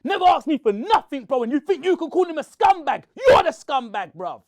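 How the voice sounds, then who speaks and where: A man, shouting and confronting someone in a heated rant to camera. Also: very high-pitched, very animated, fairly quick. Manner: shouting, confrontational, repeats "bro". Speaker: online commentator.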